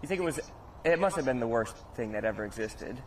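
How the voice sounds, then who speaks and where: A man's voice: medium pitch, animated, fast talker, slight background noise. A man co-hosting a podcast in casual, joking chat, rambling and laughing often. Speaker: podcast co-host. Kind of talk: casual chat among friends.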